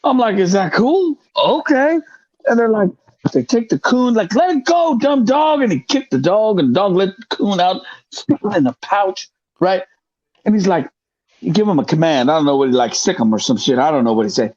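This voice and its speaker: A man telling a hunting story in casual podcast chat, profane and animated, acting out the other people's voices. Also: high voice, normal speed, no room sound, dull audio. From grew up in the projects. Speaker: podcast host.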